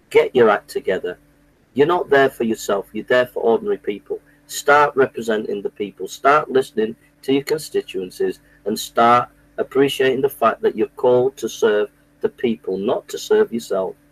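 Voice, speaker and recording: A man's voice: medium pitch, slightly rough, no room sound, low-quality recording. A man delivering an indignant, repetitive political rant, often restarting his sentences. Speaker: political commentator. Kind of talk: impassioned monologue to camera.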